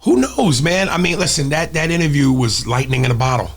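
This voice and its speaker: A man's voice: fairly high pitch, expressive, brisk, a bit bright. A man guest comedian in casual chat, making his points bluntly and emphatically, with some profanity.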